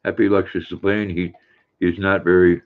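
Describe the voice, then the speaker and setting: Older male stream host, deep, folksy chat-reader, thin phone-quality audio. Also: flat delivery, normal speed. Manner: folksy, warm with his dog, chatty. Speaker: livestream host. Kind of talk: reading viewer chat aloud on a livestream. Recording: tinny phone-like sound.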